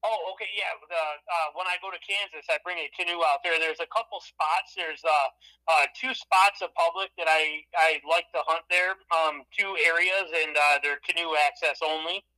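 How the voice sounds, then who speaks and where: A man's voice: fairly high pitch, steady tone, moderate pace, sharp tone, low-quality recording. A man from Michigan, a podcast guest telling long rambling anecdotes in a casual chat.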